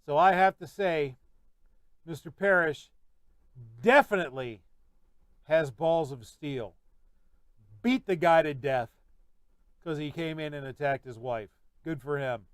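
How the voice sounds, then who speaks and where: A man hosting a podcast, hoarse from losing his voice, giving sarcastic, ranting commentary. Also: a little high, a little slow, long pauses, a bit bright, no room sound. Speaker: podcast host. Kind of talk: opinionated commentary.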